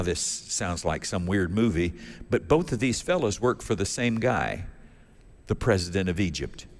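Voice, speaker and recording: Animated preacher telling a story in church. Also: male voice, lowish voice, creaky. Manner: folksy storytelling, acts out characters. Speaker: pastor. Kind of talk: sermon. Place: church sanctuary. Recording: long church reverb.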